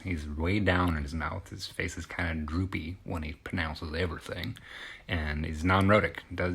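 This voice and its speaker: A man's voice: low-pitched, gravelly, fairly bright tone, breathy edge. A man in his thirties with a Kentucky accent giving a chatty, opinionated monologue with lots of uh fillers. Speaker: vlogger.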